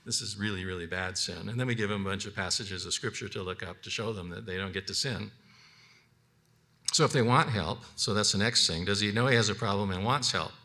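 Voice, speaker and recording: A fairly low-pitched man with a pushed, bright voice teaches a biblical counseling class without a script. Conversational in manner, he acts out the counseling talks he describes, and his speech is halting, with restarts and repeated words.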